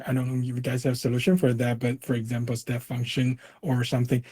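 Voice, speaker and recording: A man speaking as a guest in a relaxed conversation. He explains his points at length, and his phrasing is sometimes slightly unusual. His voice is mellow and dark, at an ordinary middle pitch. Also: breathy edge. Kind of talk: casual conversation.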